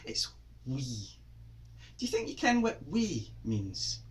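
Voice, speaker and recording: A man's voice: high-pitched, measured pace, a little hiss or hum. A Scottish man giving a playful lesson on Scots words to children, quizzing them with questions. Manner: lively, quizzing kids with questions.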